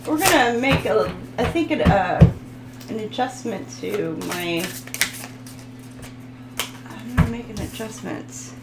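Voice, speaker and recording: A woman's voice: on the high side, expressive, slow, long pauses, reverberant, heavy background noise. A woman giving a casual tarot reading, rambling, giggling and reading card text aloud. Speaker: tarot reader.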